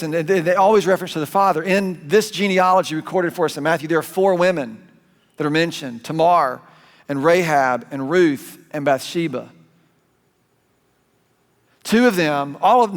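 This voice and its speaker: Southern male pastor, slightly high voice, chatty animated preaching, church hall reverb. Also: moderate pace. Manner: conversational, animated storytelling with self-corrections. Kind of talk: sermon.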